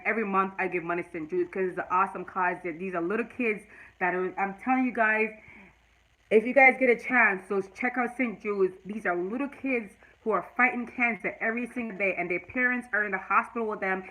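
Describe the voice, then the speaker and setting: On a low-quality recording, a woman in her forties with a mid-range, sharp voice talks to her live chat in a personal vlog. This YouTube vlogger is earnest and occasionally tearful, later becoming emphatic and preachy.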